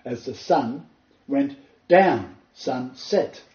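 A man giving an earnest, emphatic Bible teaching, telling a story and building to excited points. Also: mid-range voice, very slow. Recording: roomy, far from the mic, dull lo-fi.

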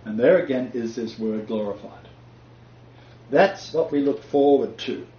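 In an unhurried mid-range voice, a man guides an informal Bible talk with preacherly emphasis and frequent laughter. The audio sounds roomy and muffled, lo-fi with faint noise.

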